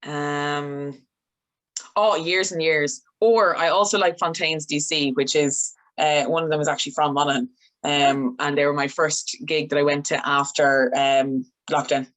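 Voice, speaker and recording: A young woman radio journalist, a guest chatting casually in an interview and telling lively stories with quick asides. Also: low-pitched. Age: young adult.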